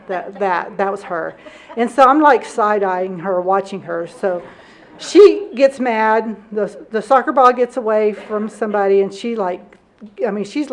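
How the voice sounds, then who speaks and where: A woman in her thirties giving a candid personal testimony at a recovery meeting, self-deprecating and quick to laugh. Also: mid-range voice.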